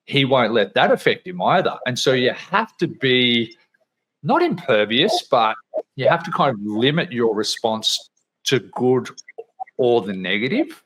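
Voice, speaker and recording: A male podcast host with a mid-range voice, talking loosely and conversationally. He drops the odd swear word and slips into quick impressions of the people he quotes. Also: mid-range voice, sing-song, fairly bright tone, a little hiss or hum.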